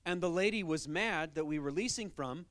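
A pastor preaching a sermon with a fairly high man's voice. His delivery is animated and conversational, and he drives points home with emphasis. The recording is dry and close. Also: normal speed, dry recording.

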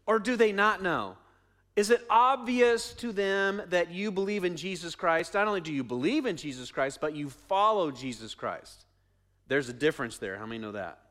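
A man's voice: high voice, normal speed, a bit bright. A man preaching a sermon as pastor, conversational, asking the congregation questions and repeating his phrases.

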